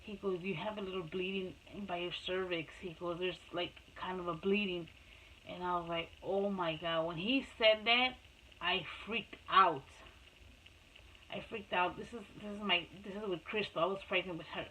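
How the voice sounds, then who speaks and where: A woman's voice: fairly low pitch, fairly even intonation, moderate pace, fairly bright tone, slight background noise, poor audio. A woman and mother telling her own life story to camera in a casual, rambling way, repeating herself and restarting often. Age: adult mother.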